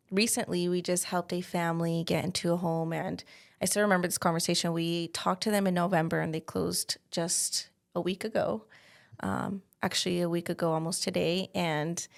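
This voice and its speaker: A woman's voice: lowish voice, fairly even intonation, moderate pace, vocal fry. A woman working as a realtor, chatting as an interview guest and telling stories with lots of "like" fillers. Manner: chatty storytelling with frequent "like" fillers. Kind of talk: casual interview talk.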